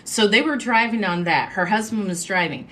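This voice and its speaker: A woman's voice: medium pitch, moderate pace, a little hiss or hum. Chatty woman telling a story live. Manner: chatty, animated, asides to viewers. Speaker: livestream host. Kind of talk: casual storytelling on a live stream.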